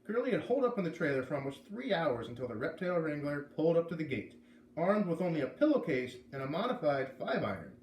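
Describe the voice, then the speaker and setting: A man reading a chapter of a novel aloud, voicing the characters with lively shifts. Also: fairly high pitch, quick pace, reverberant, a little hiss or hum. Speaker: reader.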